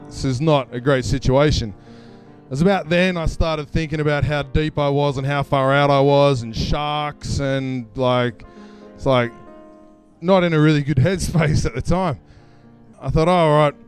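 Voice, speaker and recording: An Australian man takes his time telling a personal story on stage, his voice on the high side with fairly even intonation. Casual and self-deprecating, he chuckles through lines into a stage microphone at a live event, with faint music behind him.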